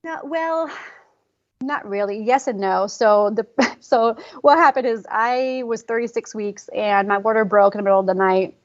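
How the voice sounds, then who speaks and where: Woman podcast guest, fairly high voice, emotional storyteller full of fillers; slightly muffled lo-fi audio. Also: moderate pace. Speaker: guest, pre and postnatal fitness coach. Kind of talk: conversational podcast interview.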